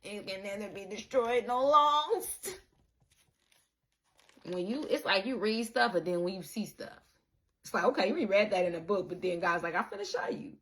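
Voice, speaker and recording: Woman, casual spiritual talk, animated, profane, calls listener baby. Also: mid-range voice, normal speed, pauses often. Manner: animated, swearing, calls listener baby, acts out quoted people. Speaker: spiritual content creator. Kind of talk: casual spiritual monologue to viewers.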